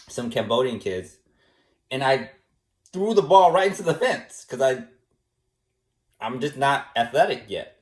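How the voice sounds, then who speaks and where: A man in a casual rambling monologue who shrugs things off in soft, dismissive replies. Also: medium pitch, sing-song, measured pace, long pauses. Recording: roomy echo.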